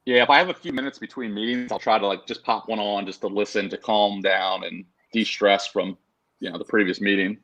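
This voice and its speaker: A man's voice: lowish voice, steady tone, fairly quick, a bit bright, poor audio. A man joining a casual interview as the guest over a video call. He talks in an easygoing way, with lots of fillers and easy laughs. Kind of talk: casual chat.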